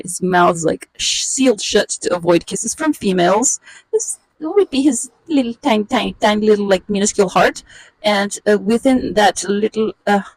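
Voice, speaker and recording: A woman's voice: a little high, a little mellow, dry recording, poor audio. A woman in her forties telling a comedic illustrated story in a wry, sarcastic, roasting way. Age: 40s.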